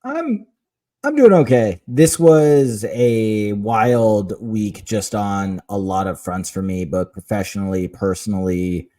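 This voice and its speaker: A man's voice: on the low side, slow, warm tone. A man co-hosting a casual podcast, with a dry, teasing way of talking. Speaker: podcast co-host.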